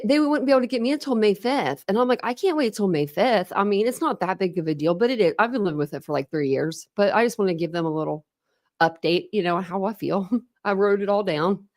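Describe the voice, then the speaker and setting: A woman's voice: mid-range voice, fast talker. A woman hosting a true crime livestream, chatting casually and greeting viewers by name between frequent laughs.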